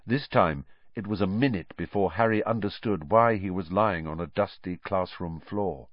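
A man narrating a fantasy story aloud with expressive, storytelling delivery, on a dull, dry recording. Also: sits low, moderate pace, dry recording. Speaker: audiobook narrator. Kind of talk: scripted narration. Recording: dull, dry studio audiobook.

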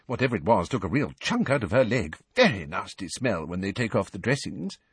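A man's voice: fairly low pitch, brisk, husky, dry recording, heavily acted. A man voicing a kindly middle-aged wizard father, chatty and evasive, in an audiobook reading. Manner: chatty, animated.

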